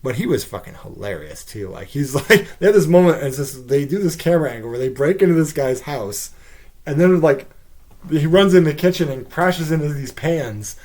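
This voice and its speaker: A man hosting a podcast, rambling through a casual TV recap with many fillers, jumping into high, excited bursts when he quotes characters. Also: normal speed. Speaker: podcast host.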